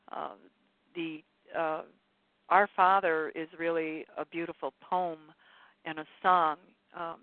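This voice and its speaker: A woman's voice: fairly low pitch, no room sound, phone-quality sound. A woman leading a spiritual teaching session over a group call, talking in a meandering, chatty way and often correcting herself. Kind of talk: live spiritual teaching talk to callers.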